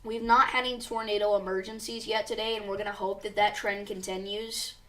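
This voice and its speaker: A woman's voice: medium pitch, fairly even intonation, brisk, far from the mic. Woman giving urgent live storm coverage. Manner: urgent, reads warnings aloud, addresses viewers as you guys. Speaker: severe weather livestream host.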